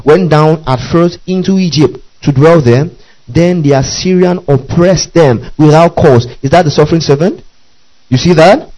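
A man's voice: a little high, a little mellow, rough recording. A man teaching a sermon, reading scripture aloud and often checking in with his listeners. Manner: repeatedly checks in with listeners asking okay and do you see that. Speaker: Bible teacher.

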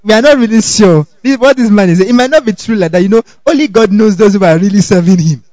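High-voiced, animated male preacher. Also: fast, no room sound, rough recording. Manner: animated, keeps asking the congregation "okay?"; chuckles between points. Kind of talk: sermon.

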